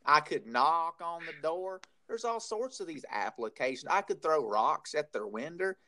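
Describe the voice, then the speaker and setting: A man's voice: a little high, animated, moderate pace, pushed and bright. A man on a comedy podcast who grumbles in old-fashioned country talk.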